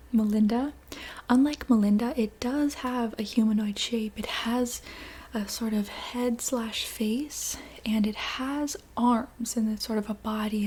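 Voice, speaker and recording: A woman leads a whispered role-play story in a breathy, mellow whisper. Her voice sits slightly high. She wanders gently through the scene, pausing often with soft fillers. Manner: soft, meandering, with many fillers and restarts. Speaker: ASMR storyteller.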